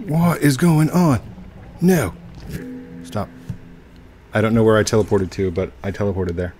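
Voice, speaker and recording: A man's voice: fairly low pitch, unhurried, long pauses, darkish tone, slight background noise. A man hosting a gaming video, chatting casually and playfully with a teammate over voice chat, laughing often.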